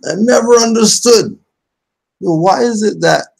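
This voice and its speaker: A man's voice: sits high, lively intonation, unhurried, creaky. A man giving a casual religious teaching, reading passages aloud and then explaining them in everyday speech. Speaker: spiritual teacher.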